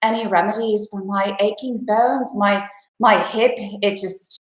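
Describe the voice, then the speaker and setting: A woman's voice: mid-range voice, steady tone, measured pace, roomy sound, natural voice, poor audio. A woman voicing an aging town mayor who speaks politely and fussily, with stumbles. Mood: fussy. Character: disguised as the elderly town mayor, fussy and flattering.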